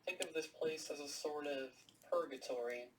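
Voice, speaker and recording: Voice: moderate pace, close to an everyday voice. A reader voicing a curt, ominous haggard old man with a French accent. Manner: curt, low and secretive. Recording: distant mic with steady background noise.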